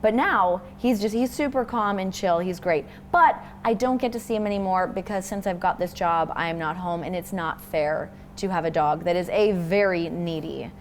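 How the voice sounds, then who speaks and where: A woman's voice: lowish voice, normal speed, few pauses, a little hiss or hum. A young woman from Toronto, chatting casually as an interview guest and rambling with plenty of fillers. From Toronto, Canada.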